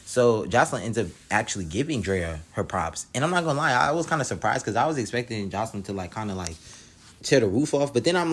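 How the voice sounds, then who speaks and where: Brief: man reviewer, low voice, loose profane slang, easygoing episode recap. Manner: slangy, profane, laid-back storytelling. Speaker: reality show reviewer.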